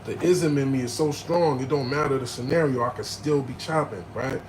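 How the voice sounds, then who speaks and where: A man telling a story in animated, slangy street talk, jumping into loud, high bursts when he acts out quotes. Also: a little fast, slight background noise, low-quality recording. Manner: profane, slangy.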